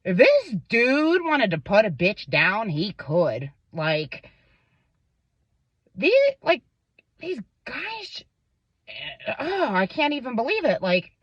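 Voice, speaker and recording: A woman's voice: fairly high pitch, big pitch swings, slow pace, a bit bright, dry recording. Young woman rambling and cursing thru a story, swings up and down a lot, dry muffled sound. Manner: rambling, swears often, stumbles over words. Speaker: vlogger. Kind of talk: emotional storytelling to camera. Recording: dull lo-fi sound.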